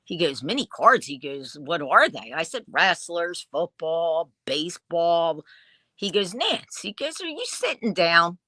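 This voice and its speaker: A woman dealer tells her stories in a casual interview, jumping into quoted voices as she goes. Her tone is bright and cutting, a touch lower than most women. The sound is dry and close, with no room around it. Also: measured pace, no echo. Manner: lively storyteller who acts out quoted dialogue. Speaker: vintage dealer and online seller.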